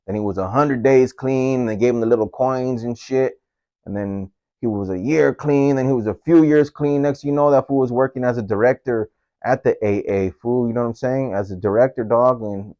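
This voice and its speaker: A man's voice: medium pitch, mellow. A man, casually telling a personal story in street slang, tagging his phrases with homie, dog and fool.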